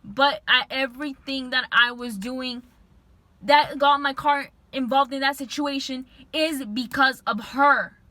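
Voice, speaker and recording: Bright-voiced young woman venting to camera. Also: sits high, a little slow, dry recording. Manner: frustrated, venting, animated. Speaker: vlogger. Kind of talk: storytime rant to camera.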